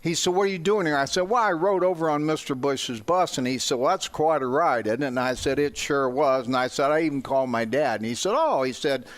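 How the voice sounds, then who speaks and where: An older man from the St. Louis area tells a personal anecdote as a guest on sports talk radio. His voice sits at an ordinary middle pitch. He acts out the other people in the story, jumping high or dropping low for their quoted lines. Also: a little fast, few pauses. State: gets emotional.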